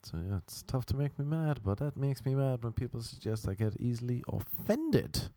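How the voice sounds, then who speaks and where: A man's voice: mid-range voice, big pitch swings, normal speed, warm tone. A young Irish man hosting a comic podcast, rambling through self-mocking stories and plugs with jokey asides. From Ireland. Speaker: podcast host and comedian.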